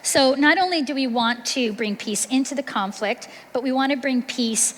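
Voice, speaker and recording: A woman's voice: sits high, normal speed, fairly bright tone, a little hiss or hum. A middle-aged woman giving an earnest, conversational teaching talk to mothers at a church. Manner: earnest, conversational, acts out quoted voices. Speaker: women's ministry speaker. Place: church hall. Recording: long reverb from a large hall.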